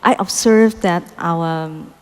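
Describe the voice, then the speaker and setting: A woman answering an interview question slowly and carefully, often adding you know. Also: fairly low pitch, long reverb tail. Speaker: guest team leader.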